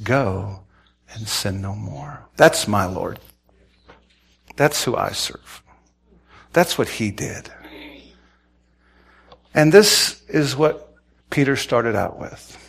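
Man, preacher, folksy sermon storytelling, drops to a hush then shouts. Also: mid-range voice. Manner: animated storytelling, swinging from hushed to shouting; folksy, conversational asides. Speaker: pastor.

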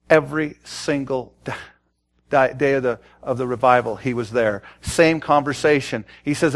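Animated man preaching a sermon. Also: fairly high pitch, brisk. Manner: animated storytelling, acting out quotes with big swings in loudness. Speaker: pastor. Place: church sanctuary.

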